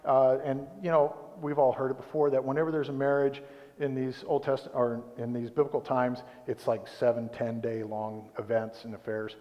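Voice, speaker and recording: A male preacher delivers a sermon at a mid pitch, loose and conversational, circling back on himself as he goes. The long reverb of the church hall trails behind his voice, and the recording sounds dull and muffled. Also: flat delivery, normal speed. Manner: rambling, conversational, self-interrupting.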